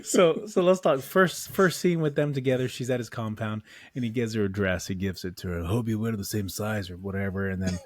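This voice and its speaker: A man's voice: on the low side, fairly quick, no echo, studio quality. A man co-hosting a casual movie discussion podcast, playful and full of slang, laughing often. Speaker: podcast co-host.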